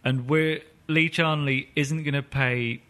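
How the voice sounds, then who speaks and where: Male podcast guest, bright and forceful voice, casual football chat, pessimistic and matter-of-fact. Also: a little high, fairly even intonation, slow pace.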